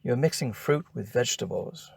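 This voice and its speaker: A man voicing a brisk, bossy female course leader in a storybook reading, curt and scolding. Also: medium pitch, expressive, gravelly, breathy edge, no echo, studio quality.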